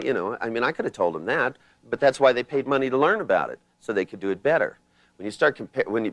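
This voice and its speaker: Animated older man teaching a seminar. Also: fairly low pitch, no echo. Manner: rambling, anecdotal, acts out people's voices. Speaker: seminar trainer.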